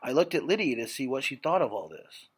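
A man reading a children's story aloud in a gentle, steady narrating voice. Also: mid-range voice, fairly quick, husky. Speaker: reader.

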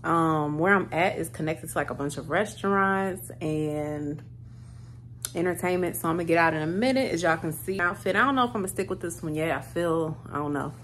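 A woman's voice: deep voice, a little fast, a little hiss or hum. Chatty thirty-year-old woman vlogging. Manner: chatty, warm, easily moved to tears. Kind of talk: casual vlog chat. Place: hotel room.

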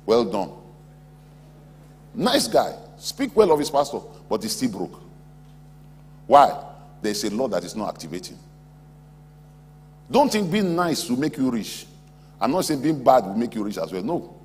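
A man preaching a sermon as pastor in a large auditorium, animated, acting out imagined church members. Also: medium pitch, a little slow, pauses often, husky. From West Africa. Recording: long hall reverb, faint hum.

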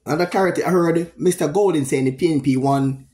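A man's voice: fairly high pitch, mellow. Middle-aged Jamaican man, solo commentator, emphatic and repetitive. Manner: emphatic, repetitive, pausing often. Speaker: political commentator. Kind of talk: solo political commentary video.

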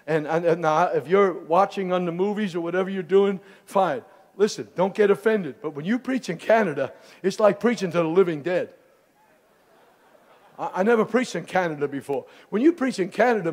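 A bishop preaching a fiery Pentecostal sermon at a live camp meeting, swinging from hushed folksy asides to shouted exhortation. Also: male voice, sits high. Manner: folksy, calls listeners pet names. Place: live service before a congregation.

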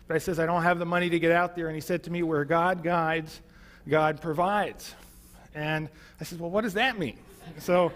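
A pastor shares his testimony in an easy, conversational sermon full of fillers and restarts. His voice sits high for a man. The sound rings with the long reverb of a church hall. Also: fairly bright tone. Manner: conversational storytelling with many fillers.

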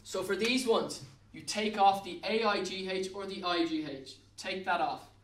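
High-voiced Irish man teaching in an echoey room. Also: normal speed, fairly bright tone. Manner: spells words out letter by letter, coaxing and encouraging. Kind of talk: recorded grammar lesson. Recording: echoey room, mic at a distance.

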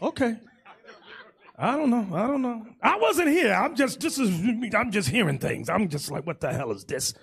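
A man preaching as bishop in an emphatic, loud sermon style. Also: sits high, sing-song, normal speed, creaky, husky. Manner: loud, emphatic, shouting at peaks. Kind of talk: animated sermon teaching.

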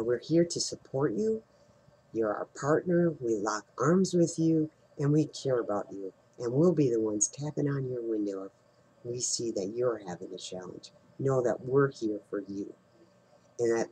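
A husky-voiced middle-aged man talks at a relaxed, conversational pace. He tells a story to his team in a rambling, loose way, stopping and restarting his sentences. His voice sits at an ordinary pitch with a slightly rough, breathy edge. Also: low-quality recording. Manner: rambling, with many restarts and fillers. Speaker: team leader hosting a call. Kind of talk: casual storytelling talk.

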